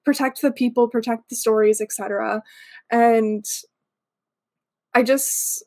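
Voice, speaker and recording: A woman's voice: a little high, fairly even intonation, unhurried. A woman hosting a podcast interview, affirming her guest and steering the questions. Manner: warm, affirming, agreeable interviewer. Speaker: podcast host. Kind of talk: casual conversational interview.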